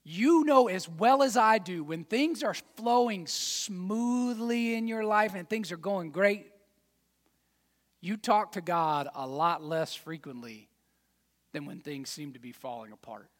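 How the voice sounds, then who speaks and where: A man preaching a sermon as pastor, folksy and direct, dropping to quiet asides and then rising to loud fired-up exhortation. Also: sits high, measured pace, in a large hall. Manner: folksy, addresses congregation as y'all and man.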